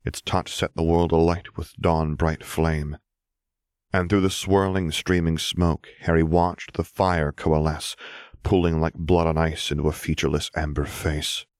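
Man, story narrator, very deep voice, flat steady delivery, dry close sound. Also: unhurried, no echo. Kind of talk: scripted narration of fan fiction.

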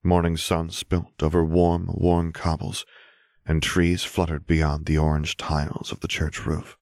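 A man reading story narration in a steady, measured voice. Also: low-pitched, dry recording, clean studio sound. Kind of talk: scripted narration of fan fiction.

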